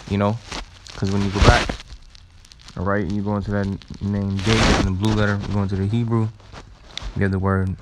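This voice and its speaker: A man with a low voice teaching scripture. He works through words slowly and deliberately, repeating them, and drops in relaxed asides as he goes. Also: a little hiss or hum. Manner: casual asides with "all right" and "man". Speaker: religious teacher. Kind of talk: scripture teaching and word study.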